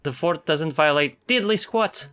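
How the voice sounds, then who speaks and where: A woman's voice: deep voice, a little slow. A woman voicing game dialogue for a stubborn, paranoid male coworker who boasts about his cubicle fort. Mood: boastful. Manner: gruff, boastful, deadpan.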